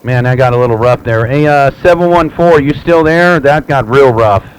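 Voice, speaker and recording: A man's voice: mid-range voice, normal speed. Radio operator man with static. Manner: relaxed, repetitive, lots of fillers. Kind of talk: live radio chat. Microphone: radio transceiver mic. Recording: static-filled radio audio.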